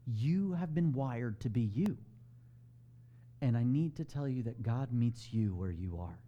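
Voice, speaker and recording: A male pastor preaching in an animated, conversational way, often turning to ask his listeners direct questions. His pitch sits in the middle but moves a lot, rising to loud emphasis and falling to a near hush on key lines. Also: unhurried, dull audio, slight background noise. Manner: swings between loud emphasis and hushed softness. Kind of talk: sermon.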